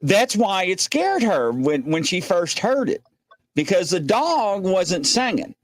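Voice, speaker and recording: A male host chats casually, rambling and filling pauses while he searches for clips. His intonation moves around a lot. The sound is dry and close. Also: sits high, big pitch swings, no room sound. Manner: rambling with many fillers. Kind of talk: casual show chat.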